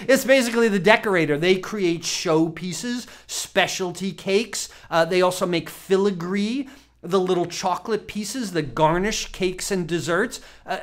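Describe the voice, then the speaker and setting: A man's voice: high voice, clean tone. A man teaching cooking in a casual, chatty way, asking the viewer questions and laughing often. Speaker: cooking instructor. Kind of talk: casual teaching talk to camera.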